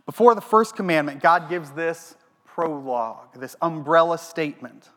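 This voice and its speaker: A high-voiced male pastor preaches a sermon at a moderate pace, animated and asking the congregation questions. The recording carries a long hall reverb.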